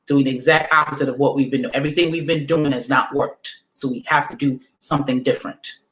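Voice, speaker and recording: A man speaking straight to his livestream viewers with the push of a preacher. He repeats his affirmations again and again, loosely and in casual slang, at a mid-range pitch. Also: fairly even intonation, quick pace, a bit bright. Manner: casual slang, direct address to the audience. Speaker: livestream host. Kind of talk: motivational livestream talk.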